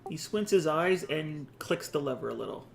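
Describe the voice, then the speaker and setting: A man's voice: a little high, expressive, normal speed, vocal fry, slight background noise. Man narrating as game master. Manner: descriptive, with asides and restarts.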